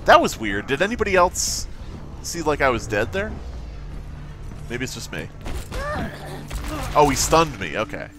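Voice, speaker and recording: A man live-streams a video game over music, speaking a little slowly in a mid-range voice with big pitch swings and frequent pauses. He plays around, swears, giggles and hums nonsense to himself, with loud game effects and voice lines behind him.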